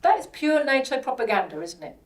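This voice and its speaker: A woman's voice: sits high, very animated, brisk, distant mic, low-quality recording. A British woman speaking as the guest at an event, making her points with rhetorical questions and words repeated for stress. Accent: British English. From Britain. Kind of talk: public speech.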